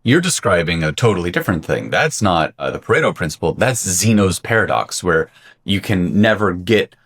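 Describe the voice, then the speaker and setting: A man's voice: deep voice, sing-song, normal speed, a bit bright, slightly rough. A man co-hosting a podcast in a casual discussion, wry and argumentative, teasing his partner. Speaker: podcast co-host.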